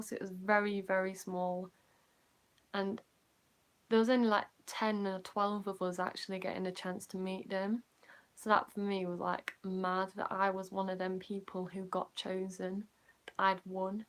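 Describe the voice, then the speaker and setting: A young woman with a Yorkshire accent, telling a casual storytime, rambling with lots of "like" fillers and sinking quieter when she recalls feeling nervous. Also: mid-range voice. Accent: Yorkshire English. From Yorkshire, England. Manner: chatty, rambling, many "like" fillers, drops quieter when recounting nerves. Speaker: vlogger.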